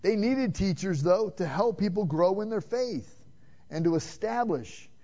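A man preaching a sermon, asking the congregation questions and swinging between loud emphatic calls and hushed, quiet passages. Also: high-pitched, animated, unhurried. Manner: direct, addresses listeners with "man" and rhetorical questions. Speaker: pastor. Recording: dull lo-fi sermon recording.

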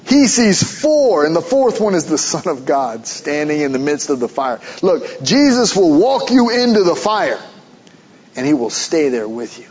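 A man preaching a sermon, animated, dropping to a hushed low voice when speaking for God. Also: unhurried, lo-fi sound. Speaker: pastor.

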